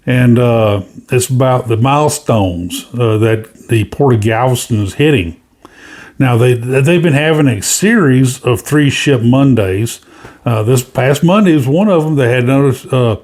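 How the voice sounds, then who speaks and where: A man's voice: mid-range voice, a little mellow. A man hosting casual cruise news commentary, rambling with many fillers and restarts.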